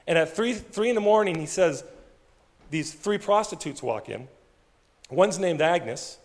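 Gravelly high-voiced male preacher. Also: big-room sound. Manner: animated storytelling, drops low for emphasis. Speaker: pastor. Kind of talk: sermon.

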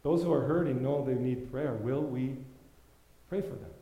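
A man preaching a sermon, telling stories and acting out the voices of the people in them, swinging from quiet narration to loud exhortation. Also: mid-range voice, normal speed, echoey room, lo-fi sound.

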